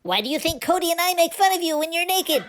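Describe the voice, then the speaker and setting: Sassy little dog, very high squeaky voice, swooping and lively, blunt and cranky. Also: male voice, quick pace, noisy background. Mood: wisecracking. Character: sassy wisecracking male Pomeranian dog. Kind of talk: comic sketch dialogue.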